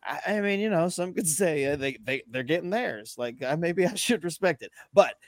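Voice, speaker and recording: A man with a high, very lively voice co-hosts a casual sports podcast. He gets animated, repeats himself mid-thought and swears freely. The sound is dry and close. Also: normal speed, no echo. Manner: animated, swears, repeats words when excited. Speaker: podcast co-host.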